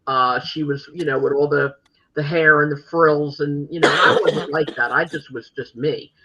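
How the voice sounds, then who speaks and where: A woman's voice: low-pitched, steady tone, moderate pace, a bit bright, breathy edge, low-quality recording. A woman podcast host telling stories in casual interview chat, rambling with fillers and restarts. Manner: chatty storytelling with many fillers and restarts.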